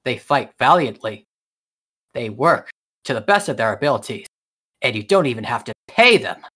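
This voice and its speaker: A man's voice: medium pitch, very animated, normal speed, sharp tone, husky, heavily acted. A man voicing a smug, pompous knight who boasts and fawns.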